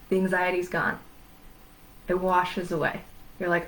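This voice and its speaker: A woman's voice: fairly low pitch, monotone, unhurried, long pauses, a bit bright, a little hiss or hum, poor audio. A woman therapist giving an educational talk on anxiety, speaking emphatically and listing words in rhythmic runs.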